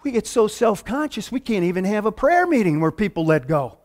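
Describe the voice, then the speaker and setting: A man's voice: high voice, very animated, a little fast, darkish tone. A man in his fifties, a pastor preaching a sermon in a casual, earnest way with folksy asides. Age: 50s.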